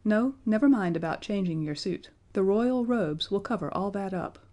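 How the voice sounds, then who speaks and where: A grave gentleman of the court, formal and ceremonious, bowing to a new king in a storybook, as a woman puts him on. The voice stays mellow and unhurried. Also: medium pitch, lively intonation, close to an everyday voice.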